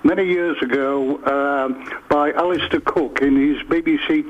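A man calling in to a radio show, talking haltingly with many fillers. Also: on the high side, fairly even intonation, highs cut off, a little hiss or hum. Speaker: caller. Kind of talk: phone-in chat.

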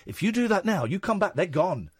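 A man hosting a radio phone-in in the studio, talking in an animated, emotional way. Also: a little fast, husky, no echo. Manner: animated, warm and emotional, swings in pitch. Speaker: radio host. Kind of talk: late-night radio phone-in. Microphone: studio microphone.

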